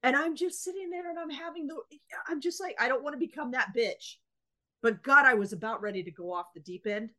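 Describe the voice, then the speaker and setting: A woman's voice: high voice, a little fast. A woman co-hosting a podcast, telling a story in casual chat and acting out both sides of the exchange. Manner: animated anecdote teller, acting out both sides of a dialogue. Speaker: podcast co-host.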